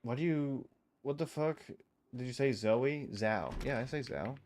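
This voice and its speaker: A man's voice: medium pitch, normal speed, darkish tone. Profane, chatty male streamer. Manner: loose, profane, bantering with chat. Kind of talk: casual live-stream chat while gaming.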